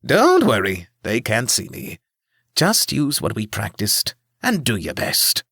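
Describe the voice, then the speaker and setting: A man's voice: lowish voice, huge pitch swings, measured pace, bright, forceful tone, husky, no echo, studio quality, exaggerated voice. A man voicing a small invisible tailed creature in an audiobook, offhand and reassuring.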